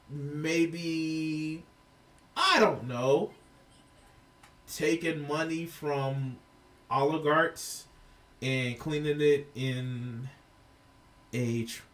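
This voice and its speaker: A man's voice: on the high side, steady tone, extremely slow, distant mic. A man giving heated, profane reaction commentary as a video reviewer, exasperated and ranting.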